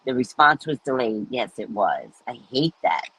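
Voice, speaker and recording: A woman's voice: very deep voice, very animated, normal speed, fairly bright tone, breathy edge, poor audio. A woman hosting a live stream, chatting casually and telling stories with frequent laughter. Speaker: host of live readings.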